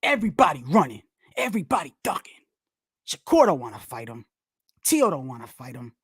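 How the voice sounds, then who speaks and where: A woman putting on a smug male boxing pundit in a mocking, lowered voice. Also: big pitch swings, fairly quick, breathy edge, dry recording, studio quality, heavily acted. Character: smug hype-pushing boxing pundit, adult man.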